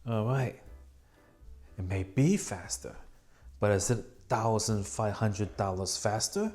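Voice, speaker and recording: A man's voice: fairly low pitch, slow pace, a little mellow, soft background music. A man talking casually in a rambling vlog, telling stories and acting out what other people said. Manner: chatty storyteller acting out quoted people in raised voices. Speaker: vlogger. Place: at home near a computer.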